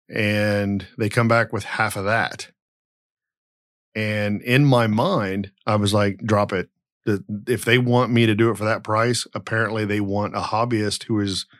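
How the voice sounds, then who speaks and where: A man's voice: on the low side, a bit bright, no room sound, studio quality. A middle-aged man hosting a podcast, telling a long story in a rambling, blunt and profane way. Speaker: podcast host. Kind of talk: casual podcast chat.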